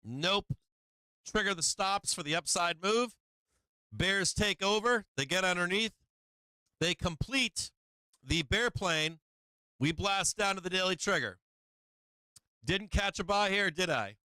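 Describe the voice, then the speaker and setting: A man's voice: high voice, animated, unhurried, long pauses, pushed and bright, smooth, no echo. A man hosting a live stock market stream, walking through charts and asking viewers rhetorical questions. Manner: rhetorical questions to viewers, chats to his cat. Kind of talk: live trading commentary.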